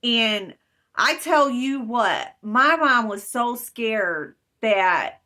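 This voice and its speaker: A woman's voice: on the high side, expressive, extremely slow, sharp tone. A woman telling a story about a dream in a rambling, emphatic way, piling on detail as she goes. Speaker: vlogger. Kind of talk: casual storytelling.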